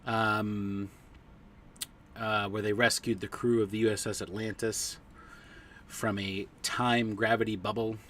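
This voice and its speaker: A man running a tabletop role-playing game, joking with players and then slowly setting the scene with many fillers. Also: mid-range voice, far from the mic, a little hiss or hum. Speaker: game master. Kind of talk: casual tabletop game chat and narration.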